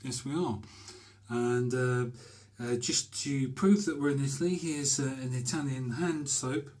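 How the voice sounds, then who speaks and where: Speaking slightly slowly in a mellow, mid-range voice, a man from Britain films himself in a small bathroom describing a shaving brush. He's chatty but hesitant, using lots of fillers as he vlogs about shaving.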